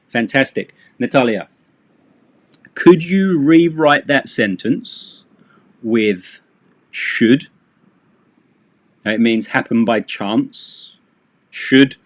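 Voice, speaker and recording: A man teaching English on a live stream, chatty and rambling, with self-deprecating asides. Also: medium pitch.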